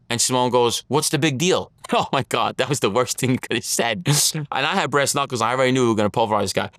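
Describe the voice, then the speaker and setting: A man tells his story in blunt street talk, slipping into the voices of the people he quotes. His voice is smooth and resonant, and the sound is close and dry. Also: medium pitch, quick pace, a bit bright, no room sound. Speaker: interview guest, former mob associate. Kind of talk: casual storytelling interview.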